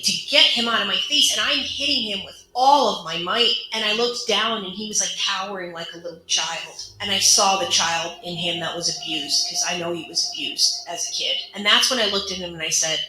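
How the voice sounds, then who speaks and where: A woman's voice: lowish voice, bright, forceful tone, roomy sound, low-quality recording. A woman telling her own story of abuse in an earnest, emotional way, acting out what others said. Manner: earnest, emotional retelling with quoted dialogue. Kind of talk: personal storytelling.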